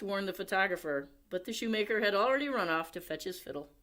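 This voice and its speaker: A woman's voice: medium pitch, fast talker. Woman reading a picture book aloud. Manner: expressive, with chatty asides to young listeners. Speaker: library storyteller.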